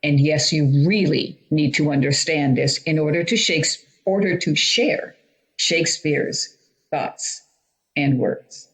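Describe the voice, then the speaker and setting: A woman's voice: low voice, fairly even intonation, slow, rough recording. A woman teaching drama, explaining Shakespeare performance step by step in an instructional talk.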